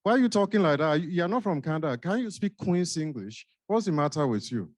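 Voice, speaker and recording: A man's voice: on the high side, big pitch swings, fairly quick, darkish tone, no echo. A man with a Nigerian accent voicing a brash, confrontational street man who mocks and challenges the person in front of him. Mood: taunting. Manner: challenging, mocking questions.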